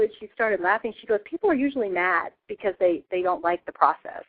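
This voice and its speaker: A woman guest in casual chat, telling an excited story and acting out the voices in it. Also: a little high, normal speed. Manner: enthusiastic storyteller, acts out voices. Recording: tinny phone-line audio.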